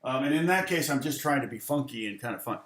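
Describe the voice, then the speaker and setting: A man's voice: mid-range voice, expressive, quick pace, fairly bright tone. Rambling male guitar teacher, roomy sound. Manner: rambling, thinks aloud, counts and scats rhythms. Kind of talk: live-stream guitar lesson, answering chat. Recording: roomy echo.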